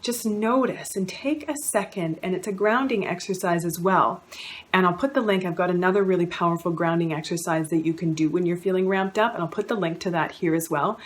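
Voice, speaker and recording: Lower-pitched woman counsellor giving advice. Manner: friendly, instructive, speaks directly to the viewer. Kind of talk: conversational self-help advice to camera.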